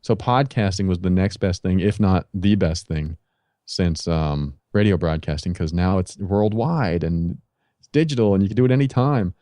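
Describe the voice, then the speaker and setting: A man's voice: sits low, normal speed, mellow, no echo, clean studio sound. A man guest on a podcast, telling his life story in a casual interview and acting out his own past reactions.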